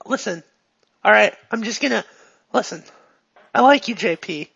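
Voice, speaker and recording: A game master voicing an excitable, pushy female TV star who gushes and swings between loud and hushed. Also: mid-range voice, normal speed, creaky, breathy edge, lo-fi sound, exaggerated voice. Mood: gushing. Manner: gushing, jumps from excited to hushed.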